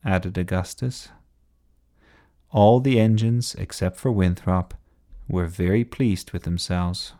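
A man reading a children's bedtime story aloud in an expressive storybook style. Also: low voice, takes it slowly, long pauses.

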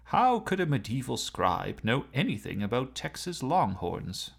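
A hearty, jovial professor, as a male narrator puts him on, speaks in a raised, lively voice. A gravelly texture sits beneath his cheer. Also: medium pitch, a little slow, pitched above the performer's own voice, heavily acted.

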